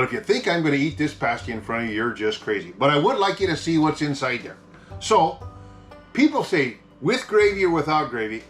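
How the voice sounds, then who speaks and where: A man with a broad Yooper accent from Michigan's Upper Peninsula hams it up as the host of a homemade comedy food review. His voice sits a touch high, with a folksy, joking delivery, and soft guitar music plays underneath. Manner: folksy, hammy, jokey. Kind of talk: mock food-review show hosting.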